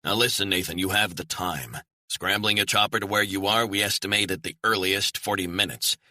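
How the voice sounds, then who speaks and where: A man's voice: deep voice, fairly even intonation, fairly quick, sharp tone, no echo, studio quality, pitched above the performer's own voice. A man voicing a terse mission handler giving clipped orders over an earpiece in an audiobook. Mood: commanding. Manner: clipped, commanding, radio-style orders. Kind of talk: audiobook character reading.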